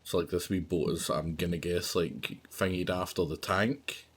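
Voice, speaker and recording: A man's voice: low-pitched, steady tone, normal speed, slightly rough. A man chatting casually while streaming a factory game, musing with many fillers. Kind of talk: casual gaming chat.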